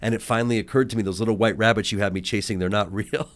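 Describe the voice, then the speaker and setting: A man, a podcast guest, telling a story in a casual chat, animated and emphatic. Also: lowish voice, rapid-fire. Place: podcast studio at a table.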